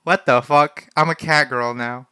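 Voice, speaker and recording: A man's voice: mid-range voice, steady tone, measured pace, bright, forceful tone, clear, resonant tone, no room sound. A young man streaming a text adventure game, reading the game text aloud in a casual, flustered way and often laughing. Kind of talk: casual live-stream commentary.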